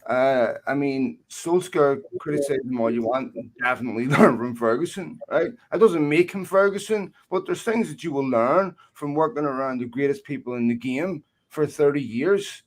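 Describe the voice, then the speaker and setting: A man's voice: medium pitch, lively intonation, normal speed, few pauses, poor audio. Chatty man in the middle of his range. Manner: chatty, addresses the panel, laughs at own stories. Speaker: panelist on a football fan show. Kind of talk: live online football talk.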